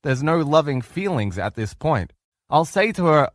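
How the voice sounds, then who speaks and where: Male relationship coach, emphatic motivational lecturer, lively expressive pitch, dry close recording. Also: moderate pace, no room sound. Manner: emphatic animated storyteller.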